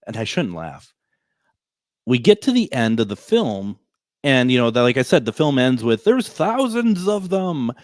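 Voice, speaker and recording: A man's voice: on the low side, dry recording, studio quality. A man in his forties hosting a radio show, telling a story in a rambling, chatty way with frequent restarts and chuckles. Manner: rambling, self-correcting, chuckling. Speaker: radio host. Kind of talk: casual storytelling to listeners. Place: radio studio.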